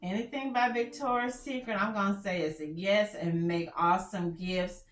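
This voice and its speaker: A woman's voice: mid-range voice, steady tone, normal speed, roomy sound. A woman with a country Texas drawl chatting candidly as she reviews fragrances, often restarting her sentences. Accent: Texan. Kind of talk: casual product review chat.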